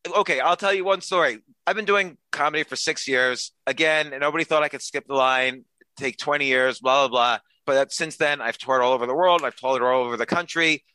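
A man's voice: mid-range voice, a little fast, sharp tone, smooth, dry recording, low-quality recording. A man guest on a podcast, an author and comedian, telling chatty self-deprecating stories with quoted dialogue. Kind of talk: casual storytelling interview.

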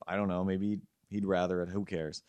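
A man's voice: deep voice, flat delivery, moderate pace, darkish tone, clean tone, no room sound. A man hosting a podcast, telling a rambling, profane story in casual chat. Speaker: podcast host.

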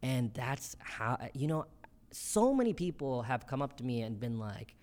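A man in his thirties, a comedian being interviewed, telling quick, animated stories and acting out quotes. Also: mid-range voice. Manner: quick, animated storytelling with acted-out quotes and laughter. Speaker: comedian and show creator, guest. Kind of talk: casual interview.

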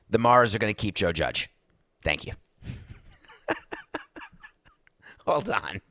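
Forceful, ranting sports talk host man. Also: on the low side, no echo, studio quality. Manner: emphatic, sarcastic, ranting. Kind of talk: opinionated sports radio monologue.

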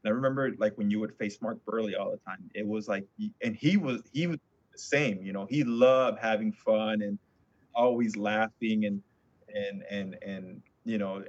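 A man with a low, husky voice chats loosely about his playing days. He uses plenty of fillers and restarts. The audio is dry and slightly muffled. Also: no echo. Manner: relaxed, with many fillers and restarts. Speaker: former baseball pitcher. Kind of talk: casual chat.

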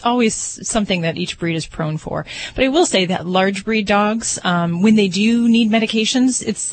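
A woman's voice: fairly low pitch, creaky, a little hiss or hum, poor audio. Friendly woman giving pet advice. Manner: explanatory, friendly, laughs easily. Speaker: pet behavior expert. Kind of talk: radio advice.

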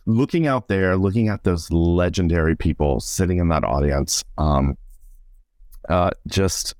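This guest is a middle-aged stage performer and director sharing stories in a casual podcast interview. He acts out quotes with enthusiasm and uses "like" constantly. His voice is deep, a little mellow and a little slow, recorded in the studio with no room sound.

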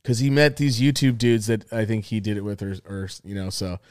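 A man's voice: on the low side, brisk, clean tone, no echo, clean studio sound. A man from New York co-hosting a podcast, telling rambling, profane stories in casual chat. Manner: profane, rambling, animated storytelling. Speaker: podcast co-host.

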